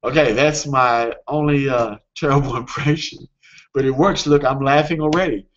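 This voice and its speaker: A man gives webinar coaching in an earnest, casual manner, frequently pausing on fillers and starting sentences over. His voice sits at a medium pitch with fairly flat intonation, and the audio sounds dull.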